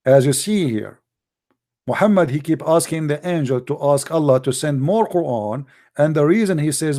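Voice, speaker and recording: Host, male, Arabic accent, native Arabic speaker. Mocking, emphatic debater, fairly high, mellow voice. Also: animated, moderate pace. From Middle East. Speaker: apologetics show host. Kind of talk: live debate talk.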